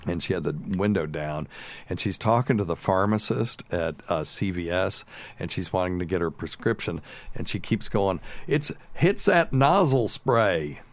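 A man hosting a radio talk show, telling funny stories in a relaxed, animated way and laughing along. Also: sits low, moderate pace. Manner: animated storyteller, laughs at his own stories. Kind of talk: casual storytelling chat.

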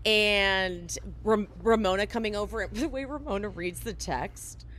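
A woman's voice: mid-range voice, a little slow, a bit bright, slight background noise. A woman casually recapping a reality show on a podcast, telling it as a story and acting out the quotes, with lots of "like". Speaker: podcast co-host.

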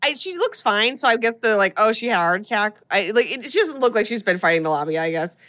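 A woman hosting a casual podcast chat, retelling a horror movie plot with animated storytelling and acted-out lines. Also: mid-range voice, quick pace. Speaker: podcast host recapping a film.

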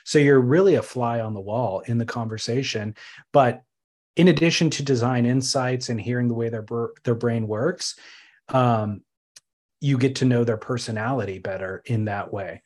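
A man co-hosting a relaxed podcast conversation. His voice sits at an ordinary middle pitch, and his talk is lively and storytelling, rising into bursts of emphasis. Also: normal speed. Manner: animated, thoughtful storytelling with sudden bursts of laughter-tinged emphasis. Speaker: podcast co-host. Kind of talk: casual podcast chat.

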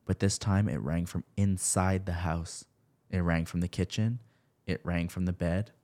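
A young man narrating a horror story slowly and steadily, raising his voice for the shouted lines. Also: sits low, fairly even intonation. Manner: slow, measured storytelling with shouted character lines. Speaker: podcast host reading a creepypasta.

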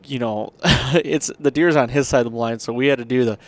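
A Michigan man hosting a podcast speaks briskly in a mid-range voice. He tells a long hunting story in a rambling, casual way, full of fillers.

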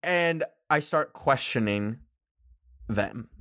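A young man from Canada casually telling a personal story, animated, laughing often and swearing casually. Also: mid-range voice, slow pace, no room sound, studio quality. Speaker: vlogger.

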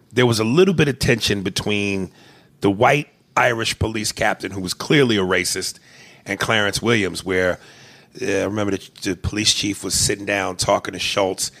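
A man chatting casually about a movie, animated, with exclamations and big jumps in pitch. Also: vocal fry.

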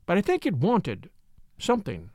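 A man's voice: sits high, huge pitch swings, normal speed, a little mellow, no echo, clean studio sound, exaggerated voice. Timid young art student, as a man reads her. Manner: timid, earnest. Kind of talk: audiobook character voice.

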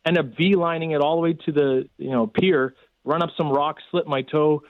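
A man's voice: a little high, steady tone, moderate pace, no room sound. A man in casual storytelling, rambling with many fillers as he recounts events. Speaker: guest telling a rescue story. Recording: tinny phone line.

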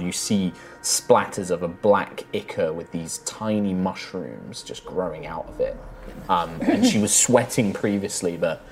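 Low-voiced man running a tabletop game. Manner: relaxed, hesitant narration with fillers. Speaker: game master.

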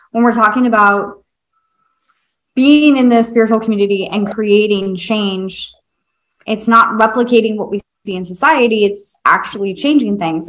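Outspoken woman host, blunt and self-mocking, mid-pitched, casual delivery. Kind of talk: casual conversation.

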